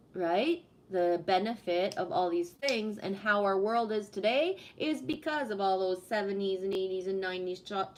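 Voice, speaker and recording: A middle-aged woman from Canada chatting casually on a livestream, telling stories in an animated way with a lot of swearing. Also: mid-range voice. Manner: animated storytelling with heavy swearing. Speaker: livestream host.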